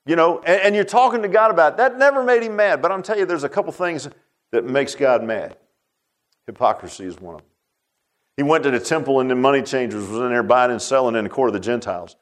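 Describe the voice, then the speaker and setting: A man preaching a conversational sermon, firing rhetorical questions and swinging between loud and hushed. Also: a little high, animated, a little fast.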